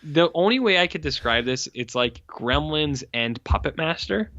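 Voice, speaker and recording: A man's voice: a little high, animated, moderate pace, sharp tone, no room sound. A man co-hosting a podcast, casually retelling a horror movie's plot with lots of fillers and acted-out character lines. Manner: rambling, heavy "like" fillers, acts out characters' lines. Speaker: podcast co-host. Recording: dry, dull lo-fi podcast mic.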